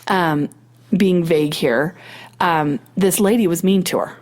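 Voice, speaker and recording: Animated woman host getting over a cold. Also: lowish voice, unhurried. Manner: animated, self-mocking, tells anecdotes with quoted dialogue. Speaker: podcast host. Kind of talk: casual storytelling chat.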